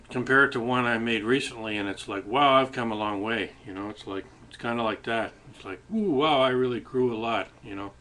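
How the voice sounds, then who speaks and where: A man's voice: medium pitch, bright, forceful tone. A man hosting his own webcam show, musing in a casual, rambling way while eating, with many restarts. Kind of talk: casual reflective webcam monologue. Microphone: webcam microphone.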